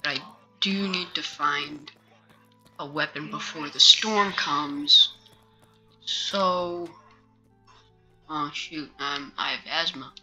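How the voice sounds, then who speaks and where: A woman gamer gives unhurried, rambling commentary while she plays. Her voice sits a touch low but has a bright, forward edge. She keeps losing her train of thought, over faint game music. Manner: rambling, hesitant, loses her words and restarts. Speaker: gaming channel host. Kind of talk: casual let's-play commentary.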